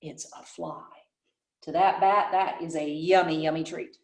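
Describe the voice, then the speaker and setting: A woman's voice: low-pitched, unhurried. A woman teaching children about nature, asking questions and answering them herself. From Western North Carolina. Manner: animated, asks and answers her own questions. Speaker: children's nature program presenter. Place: library room. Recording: roomy echo, voice from a distance.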